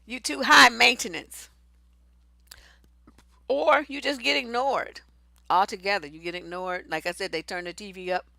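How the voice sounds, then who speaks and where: A middle-aged woman, a relationship coach telling a personal story and giving advice in a blunt, profane, animated way. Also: mid-range voice, moderate pace, gravelly, long pauses, no room sound.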